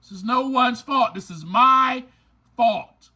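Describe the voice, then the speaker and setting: Speaking slowly in an extremely high, bright voice with a forceful tone, this man hosts a recovery podcast. He talks straight to his audience in a casual yet preachy, emphatic way, repeating lines to drive them home in his motivational monologue.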